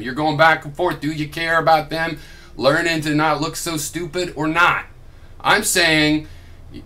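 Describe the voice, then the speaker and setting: A young man talks straight at his opponent in a reply video, combative and sharp-tongued, swearing freely. His voice has a bright, forceful edge, and he keeps slipping into sarcastic mock quotes. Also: a little high. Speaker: video blogger replying to another vlogger.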